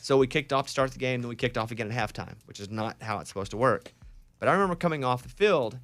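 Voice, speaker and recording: A man hosting a casual morning radio show, telling animated stories and acting out shouted quotes. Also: mid-range voice, fast. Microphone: studio microphone.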